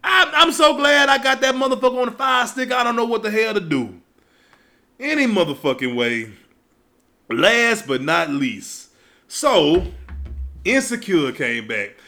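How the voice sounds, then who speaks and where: A man, hosting and ranting casually and comedically about a movie, profane, with shouted outbursts. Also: high voice, very animated, measured pace.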